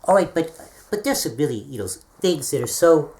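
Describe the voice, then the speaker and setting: A woman's voice: sits low, sing-song, brisk, dark tone, slight background noise. A woman improvising an unscripted scene in a questioning, easygoing way.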